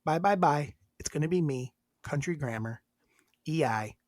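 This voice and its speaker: A woman's voice: sits low, expressive, moderate pace, darkish tone, no echo, studio quality. A woman co-hosting a podcast in casual chat, reading out lists and joking around. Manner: chatty, reads lists aloud, laughs and jokes. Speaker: podcast co-host.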